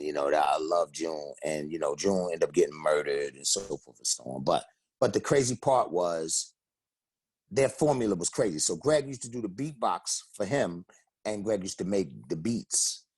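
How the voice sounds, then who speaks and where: A mid-range male voice, free of echo, belongs to a rapper and singer from the Bronx, New York. Chatting as an interview guest, he tells stories casually and animatedly, acting out quotes in raised voices.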